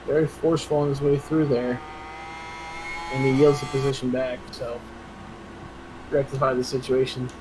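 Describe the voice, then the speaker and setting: A man's voice: medium pitch, little pitch movement, normal speed, pauses often, noisy background. Chatty man calling an esports race. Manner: chatty, laughs easily, restarts mid-sentence. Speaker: race commentator.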